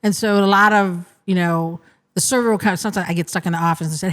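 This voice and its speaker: A woman's voice: fairly low pitch, steady tone, fast. A woman guest on a podcast, chatting casually and explaining things with lots of "you know" and "like". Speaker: guest, restaurant co-manager. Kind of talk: casual interview chat.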